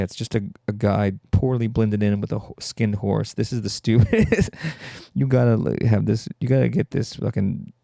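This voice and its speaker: Guy with a low gravelly voice rambling thru a comedy podcast bit, cursing a lot, dark mellow tone, dry close sound. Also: no echo. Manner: riffing, self-interrupting, profane. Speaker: podcast host.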